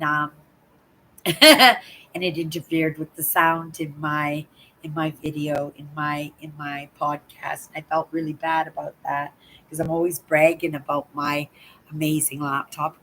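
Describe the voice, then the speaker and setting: An older woman with a hoarse voice, chatting in a rambling way on her live stream from home and repeating words. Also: deep voice, level tone, measured pace, sharp tone, slight background noise, low-quality recording. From Canada. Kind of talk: casual chat. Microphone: laptop.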